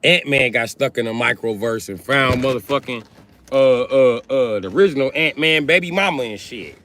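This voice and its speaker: A man's voice: mid-range voice, moderate pace, a bit bright, slight background noise. A male livestreamer talks to his chat in a loose, rambling way. His delivery is casual and full of profanity.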